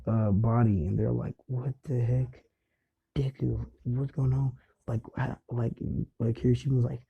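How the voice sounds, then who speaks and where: A man's voice: mid-range voice, slightly rough. A man tells a made-up fan story on the fly, stumbling through restarts and fillers as he goes. His voice sits in an ordinary middle register. The recording is dull and lo-fi. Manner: rambling, hesitant, many fillers and restarts. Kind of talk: casual improvised fan-fiction retelling.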